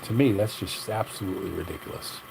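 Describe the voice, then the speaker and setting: An older man with a lowish voice holds forth on his livestream, blunt and opinionated, drifting from one gripe to the next. A faint engine rumble sits in the background. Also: fast talker, vocal fry. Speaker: livestream host. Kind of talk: casual livestream rant.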